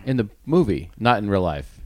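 A man's voice: fairly low pitch, big pitch swings, moderate pace. A man co-hosting a podcast, joking and riffing in casual banter. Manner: joking, riffing, laughs often. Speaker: podcast co-host.

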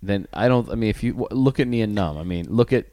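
Low-voiced man joking on a podcast. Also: fairly quick, dark tone, dry recording. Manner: joking, riffing, laughs often. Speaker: podcast co-host. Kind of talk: casual banter.

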